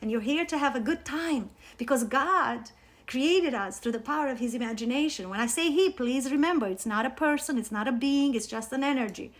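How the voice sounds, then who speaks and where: A woman from Romania, teaching spirituality on a livestream through animated personal stories and emphatic swings down to soft asides. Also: high-pitched, brisk. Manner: animated, storytelling, emphatic with sudden soft drops. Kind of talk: live-streamed teaching talk with personal stories. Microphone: phone.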